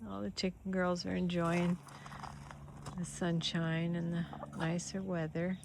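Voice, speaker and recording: A woman filming her farm animals, chatting casually and talking to them in a gentle, coaxing voice. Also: fairly low pitch, little pitch movement, a little slow, vocal fry. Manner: gentle baby-talk to animals, frequent soft laughs. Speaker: farm vlogger. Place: outdoors on a small farm. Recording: outdoor farm noise, animals behind. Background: animal sounds and outdoor ambience.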